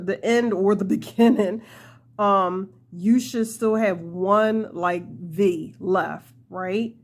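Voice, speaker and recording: A young woman hosting a casual crochet tutorial, chatty and laughing often as she talks to her viewers. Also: medium pitch.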